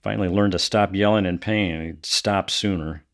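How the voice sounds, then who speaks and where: Man doing deep-voiced murderous son, flat cold telling, angry flare-ups, audio drama. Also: moderate pace. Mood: bitter. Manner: flat, cold storytelling with bursts of anger. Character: brooding adult son confessing grisly killings.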